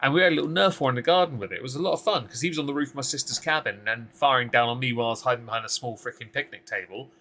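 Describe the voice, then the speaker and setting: A man co-hosting a casual political chat, talking in an animated, exasperated way and swearing freely. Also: mid-range voice, very fast, few pauses. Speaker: co-host.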